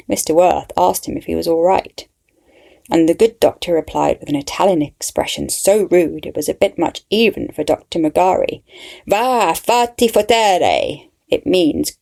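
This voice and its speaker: A woman's voice: sits low, creaky, dark tone, husky. A woman narrating a story in the first person with a wry, dry manner.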